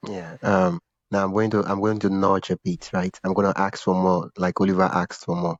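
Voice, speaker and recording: A man hosting a podcast, with a voice a little on the low side. He talks casually and often restarts his sentences. The sound is dry and a bit dull, like lo-fi audio. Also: flat delivery, normal speed, dry recording. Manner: searching for words, repeats himself, laughs now and then. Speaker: podcast host. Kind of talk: conversational interview.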